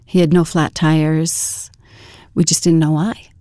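A woman's voice: sits low, level tone, slow pace, warm tone, dry recording, clean studio sound. A woman telling a personal story as a guest, chatty with many fillers and self-corrections.

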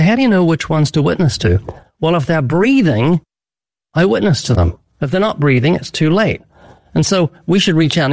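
A man's voice: fairly high pitch, dry recording. A man explaining his evangelism in an interview, telling stories with acted-out dialogue. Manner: urgent storytelling with acted-out dialogue. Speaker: evangelist guest. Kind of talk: earnest preaching in an interview.

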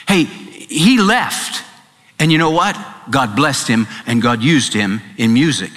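A man's voice: mid-range voice, expressive, slow pace, fairly bright tone. A man preaching a sermon, telling a story with emphatic, shifting delivery. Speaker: pastor. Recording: long hall reverb, faint music.

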